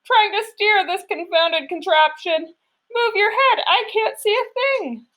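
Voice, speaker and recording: A woman's voice: very high voice, unhurried, sharp tone, pitched above the performer's own voice, heavily acted. A woman reading aloud, voicing a grumpy, fussy old grandfather who keeps exclaiming. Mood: flustered. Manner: huffy, exclaiming.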